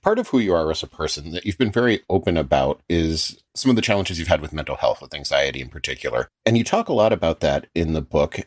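Very deep-voiced male interviewer. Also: darkish tone, no room sound, studio quality. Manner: thoughtful, long winding questions. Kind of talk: conversational interview questions.

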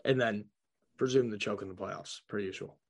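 A man's voice: fairly low pitch, moderate pace, gravelly, husky. A young man hosting a casual football podcast, joking and swearing loosely with his co-host. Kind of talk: casual sports chat.

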